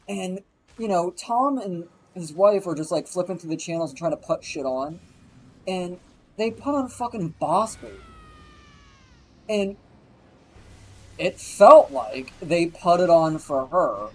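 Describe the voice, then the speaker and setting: A man's voice: fairly high pitch, expressive, a little slow, long pauses, a little mellow, slightly rough, low-quality recording. A young man streaming live, telling a rambling, profane story while he plays a game. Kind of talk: casual chat while gaming on a live stream.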